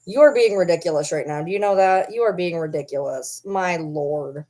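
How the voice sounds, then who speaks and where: A woman's voice: fairly low pitch, normal speed, warm tone. A woman vlogger chatting casually to the camera and teasing her pet dog in doting baby talk.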